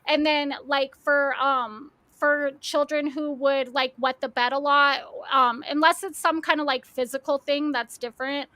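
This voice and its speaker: A woman's voice: high-pitched, steady tone, measured pace, few pauses, pushed and bright. A woman hosting a stream, rambling profanely in casual chat on a desk mic. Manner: rambling, profane, full of fillers. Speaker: streamer host.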